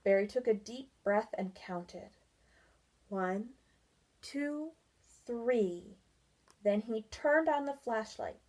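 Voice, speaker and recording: A woman reading a children's picture book aloud, softly and expressively, with sing-song sound effects. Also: fairly high pitch, lively intonation, takes it slowly, long pauses. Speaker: children's reader.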